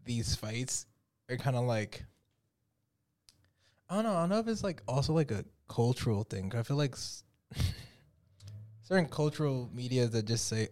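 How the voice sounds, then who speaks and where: A man's voice: medium pitch, animated, normal speed, pauses often, a little mellow. A man chatting casually as a podcast guest, rambling through a story with lots of fillers and restarts. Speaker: guest musician.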